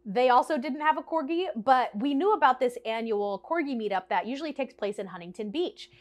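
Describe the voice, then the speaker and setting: A woman chatting to camera in a bubbly, animated way, telling a storytime to her viewers and laughing often. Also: high-pitched, a little fast. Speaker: vlogger. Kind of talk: casual storytime chat to camera.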